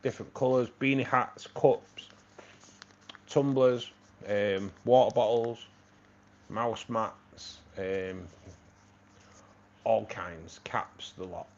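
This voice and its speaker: A man with a lowish voice hosts a live stream, talking slowly and pausing often. He chats casually, thanks viewers by name and laughs at his own jokes, over slightly dull stream audio with faint noise.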